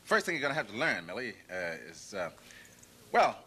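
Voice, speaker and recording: A man playing a patient police instructor in a 1970s TV comedy sketch, talking in halting, hesitant bursts and gently coaxing. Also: on the low side, very animated, slightly rough, full character voice.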